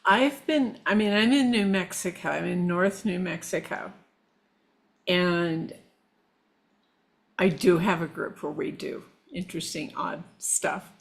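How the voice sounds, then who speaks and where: Middle-aged woman guest, unhurried and gravelly, halting casual talk. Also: fairly low pitch. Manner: slow, meandering, halting with restarts. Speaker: guest, shamanic practitioner. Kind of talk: casual conversation.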